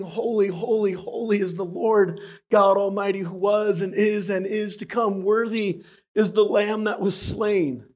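A hoarse pastor whose voice is giving out, preaching a sermon to his congregation in an earnest, emotional, conversational way. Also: high voice, darkish tone. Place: church sanctuary.

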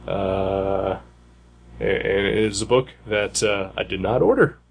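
Gravelly-voiced man rambling on a podcast. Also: lowish voice, unhurried. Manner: rambling, hesitant, many fillers. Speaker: podcast co-host. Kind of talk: casual chat.

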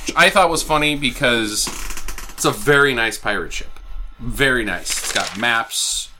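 Bright-voiced young man recapping a movie. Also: expressive, measured pace, a little hiss or hum. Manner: sarcastic, rambling, swears, voice jumps high when worked up. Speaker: podcast host. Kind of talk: casual movie recap chat.

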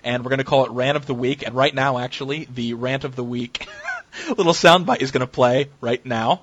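A man's voice: mid-range voice, brisk, a bit bright. A young man hosting a gaming podcast in casual chat, joking and rambling. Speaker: podcast host. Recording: dull lo-fi sound.

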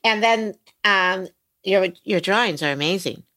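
An older woman hosting a podcast interview, enthusiastic and quick to exclaim as she talks. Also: medium pitch, bright, forceful tone. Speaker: podcast host. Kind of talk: casual interview.

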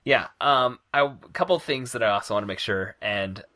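A man's voice: on the low side, a little fast. A man co-hosting a podcast, eagerly retelling comic scenes and explaining what makes them funny. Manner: lively, retells scenes with relish. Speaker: podcast co-host. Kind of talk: casual chat.

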